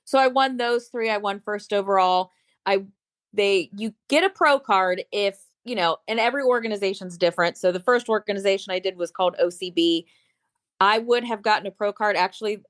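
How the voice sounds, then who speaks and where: A woman's voice: on the low side, no room sound. 40ish woman guest on a podcast, fitness coach, just chatting, acts out who said what, dry close mic. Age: late 30s or 40s. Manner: chatty storyteller, acts out quoted dialogue. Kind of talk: casual chat.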